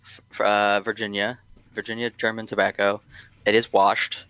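A man's voice: lowish voice, level tone, moderate pace, bright, forceful tone, no echo. A man guesting on a podcast, talking casually and hesitantly with many ums and restarts. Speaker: guest from a tobacco brand.

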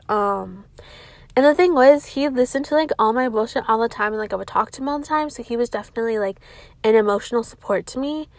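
A woman's voice: fairly high pitch, dry recording. Rambling, profane young woman, dry close mic. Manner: rambling, profane, heavy use of "like". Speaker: vlogger. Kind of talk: casual confessional storytelling.

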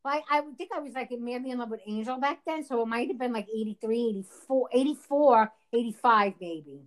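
A middle-aged woman chatting casually and telling an animated story with acted-out quotes. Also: on the high side, fairly quick. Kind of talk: casual chat.

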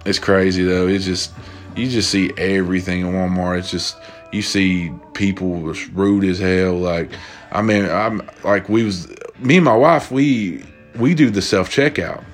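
With a deep voice and a slightly slow delivery, a young man tells a casual storytelling rant full of profanity and exasperation. He retells events animatedly over soft background music.

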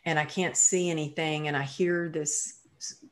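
Woman, podcast guest, low register; candid, vivid personal storytelling with casual fillers. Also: fairly even intonation, moderate pace. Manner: candid, vivid retelling with frequent "you know" and "um".

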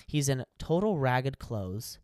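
A man's voice: medium pitch, slow, clean tone, no room sound. A man tells a story on a casual podcast. He acts out each quote as he goes. The sound is dry and close, with no room around his voice. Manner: animated storyteller acting out quotes. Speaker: podcast co-host.

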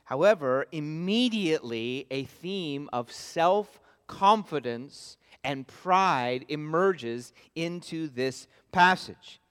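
High-voiced man preaching in a reverberant hall. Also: lively intonation, slow pace, hardly any pauses, a bit bright, clear, resonant tone. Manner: earnest and emphatic, stressing key phrases. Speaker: pastor. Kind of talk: expository sermon. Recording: long reverb of a large hall.

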